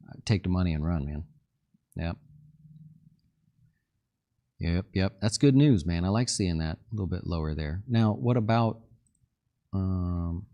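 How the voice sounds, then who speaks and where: Chatty man with a lowish voice. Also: a little mellow. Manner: chatty, joking, thinks aloud over charts. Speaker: fund manager hosting a market livestream. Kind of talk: casual live market commentary reading viewer chat.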